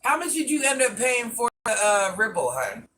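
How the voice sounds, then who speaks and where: A man's voice: extremely high pitch, very animated, normal speed, sharp tone, slight background noise. A man rambling through a casual live stream, answering viewer comments and talking to people off camera in a folksy way.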